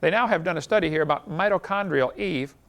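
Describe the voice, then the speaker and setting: A lecturer teaches his class in a relaxed, folksy manner, dropping in anecdotes and chuckling at his own jokes. He talks fast, and his somewhat high voice has a gravelly edge.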